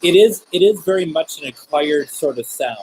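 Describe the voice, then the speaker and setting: Guy hosting a spirit box livestream, a bit high voice, soft asking tone, faint hiss behind. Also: lively intonation, normal speed, low-quality recording. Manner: gentle, asks viewers questions, calls on spirits politely. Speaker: host of live spirit box session. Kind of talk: live-stream chat with viewers.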